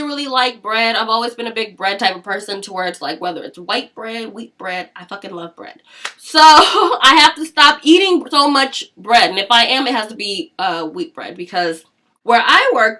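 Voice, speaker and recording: A woman's voice: on the high side, bright, forceful tone. A young woman in her twenties ranting casually in a vlog, blunt and swearing freely, with laughing asides. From Seattle area, US. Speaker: vlogger.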